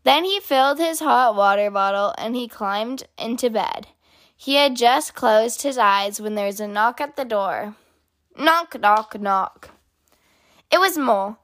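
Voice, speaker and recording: A woman with a high, bright voice reading a picture book aloud for kids. She tells the story in an expressive, animated way. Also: measured pace, dry recording, studio quality. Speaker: children's story reader.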